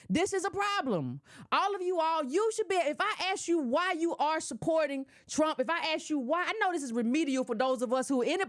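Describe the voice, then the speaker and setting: A woman's voice: high voice, dry recording, clean studio sound. A woman giving casual opinion commentary to her audience, emphatic and scolding, repeating her points in slangy direct address.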